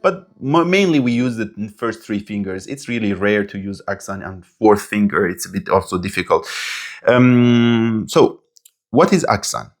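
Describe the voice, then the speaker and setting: Low-voiced man teaching an instrument. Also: measured pace, soft background music. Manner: relaxed, explanatory, with frequent fillers and restarts. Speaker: music teacher. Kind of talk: instrument lesson.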